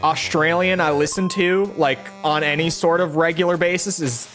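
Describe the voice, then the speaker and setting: A woman's voice: deep voice, fairly even intonation, normal speed, fairly bright tone, soft background music. A woman streaming a game, chatting casually, rambling and correcting herself as she goes. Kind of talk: casual live-stream chat.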